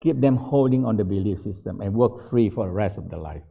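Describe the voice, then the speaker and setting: A man's voice: on the low side, expressive, brisk, vocal fry, husky. An older man who is not an English speaker tells stories in a casual workshop as a meditation teacher, in broken English and laughing often. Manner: non-native English, broken grammar, frequent laughs. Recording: dull lo-fi recording.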